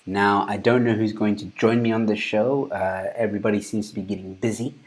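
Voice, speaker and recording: A man's voice: on the low side, steady tone, a little fast. A man hosting a casual news commentary show, rambling loosely and breaking into laughter often. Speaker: show host.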